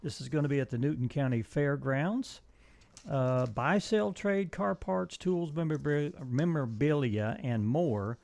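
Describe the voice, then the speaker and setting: A man's voice: fairly high pitch, animated, normal speed, vocal fry, darkish tone. An easygoing man, reading out community announcements on a small local TV show. He talks casually and stops often for a hesitant "uh" between items. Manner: easygoing, hesitant with frequent uhs. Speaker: co-host of a local TV talk show.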